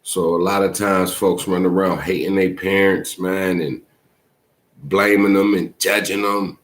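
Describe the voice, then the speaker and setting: A man's voice: sits low, little pitch movement, a little slow. A man hosting a show, speaking in a heartfelt, preachy casual monologue with a habit of saying "man" often. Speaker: host.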